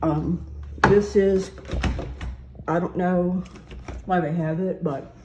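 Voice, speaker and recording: A woman's voice: on the low side, fairly even intonation, slow, highs cut off, background noise. A woman giving a casual walkthrough of an empty house, chatty and unsure, thinking aloud with many fillers. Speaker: real estate agent giving a property tour. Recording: echoey empty rooms.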